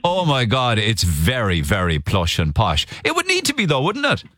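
A man's voice: mid-range voice, wildly swooping pitch, moderate pace, a bit bright, dry recording, clean studio sound. A man hosting a radio interview, talking enthusiastically and plugging an upcoming gig. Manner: enthusiastic, promotional. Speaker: radio host.

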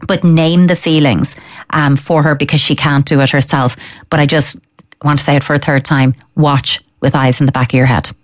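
Woman, low register, steady expert giving parenting advice. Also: normal speed. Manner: calm, firm, explains with acted-out child thoughts. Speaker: parenting expert answering listener letters. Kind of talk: advice on a radio or podcast show.

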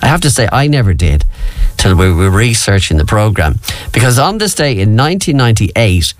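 Chatty male radio host, lively voice. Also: fairly low pitch, fairly quick, no echo, faint music behind. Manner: chatty, asides to listener, playful. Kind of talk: casual on-this-day radio chat.

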